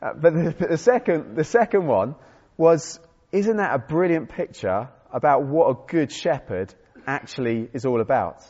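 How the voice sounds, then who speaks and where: A man's voice: fairly high pitch, lively intonation, moderate pace, a little mellow, husky. Man, preacher, conversational sermon, self-mocking humor, long hall reverb, dull sound. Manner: chatty, self-deprecating humor, frequent restarts.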